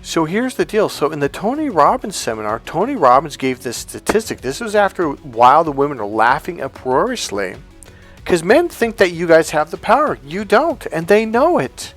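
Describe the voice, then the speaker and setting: A man's voice: on the high side, sing-song, moderate pace, a bit bright, soft background music. A man giving a casual, blunt lecture as a dating coach, swearing freely and telling anecdotes. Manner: blunt, profane, emphatic.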